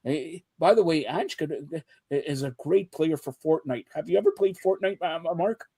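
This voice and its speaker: High-voiced, loud joking male host. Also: moderate pace, dry recording. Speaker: show host. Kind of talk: casual sports talk banter.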